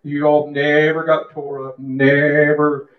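A man preaching with fervent, confessional feeling, his voice sitting fairly high for a man. He calls out to members of the congregation by name. The sound is echoey and dull, like a lo-fi room recording. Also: little pitch movement, takes it slowly. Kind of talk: sermon.

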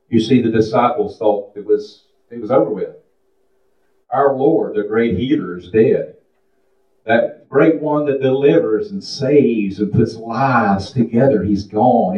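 A man preaching a sermon in a folksy style that builds into a fervent chant. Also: lowish voice. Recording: distant, echoey, muffled room recording.

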